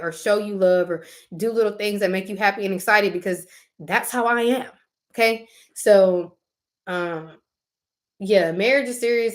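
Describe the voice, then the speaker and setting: A young woman, chatting casually and expressively to her viewers. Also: mid-range voice. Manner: chatty, expressive, Southern US slang. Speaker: vlogger. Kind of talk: casual chat to camera.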